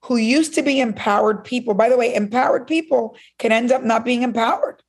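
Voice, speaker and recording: A middle-aged woman from Cuba, a guest in an interview, telling a personal story in an animated way and acting out what others said. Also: a little high, brisk.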